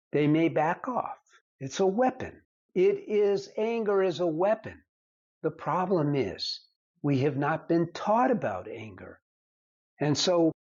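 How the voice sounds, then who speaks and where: A marriage counselor speaks straight to the camera, lecturing with earnest emphasis as he offers advice. His voice sits fairly high with a darkish, breathy tone, and the recording's highs are cut off.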